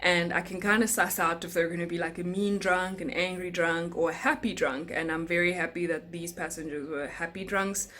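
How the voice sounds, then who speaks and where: Casting: young South African woman, chatty vlogger, lively storyteller, does little voices. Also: on the low side, a little fast, hardly any pauses, slight background noise. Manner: animated, acts out passengers' lines in quotes. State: tired, speaking softly in the morning. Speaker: flight attendant vlogger. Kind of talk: casual storytelling vlog.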